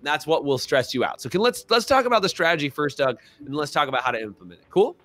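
A man's voice: a little high, fast, no echo. Guy cohosting a coaching podcast, acts out scenes, dry mic, bit of music under it. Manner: animated, acts out quoted dialogue; asks listeners to comment in chat. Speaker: podcast co-host. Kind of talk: business coaching podcast talk.

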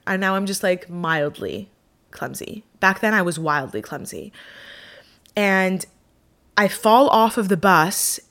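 A woman's voice: mid-range voice, fairly bright tone. A young woman telling a travel story to her camera in a casual vlog, chatty and self-deprecating with lots of fillers. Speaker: vlogger.

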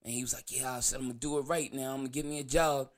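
A man's voice: mid-range voice, fairly even intonation, very fast. Rambling man telling a story. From New York. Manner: rambling, laughs through the story, loose profanity. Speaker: show host. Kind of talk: casual storytelling monologue.

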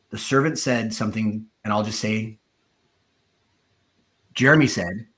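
A man's voice: a little slow, pauses often, fairly bright tone. A man telling his own story in a sermon, acting out the quoted voices as he goes. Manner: storytelling, acts out quoted voices with rising pitch. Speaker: preacher giving testimony. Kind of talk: sermon testimony.

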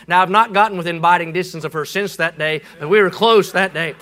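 A man preaching a humorous sermon, telling a story with animation and comic timing, breaking into shouts for emphasis. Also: high-pitched, brisk.

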